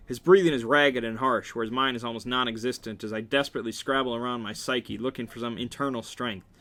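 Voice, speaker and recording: A man's voice: mid-range voice, fairly even intonation, quick pace, fairly bright tone. A man reading a novel aloud, with wry, joking asides. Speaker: reader.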